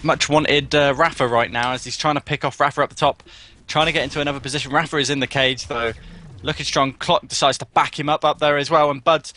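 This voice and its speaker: Bright, energetic male play-by-play caster. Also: quick pace. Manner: energetic play-by-play, yelping at highlights. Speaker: esports co-caster. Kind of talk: live esports play-by-play.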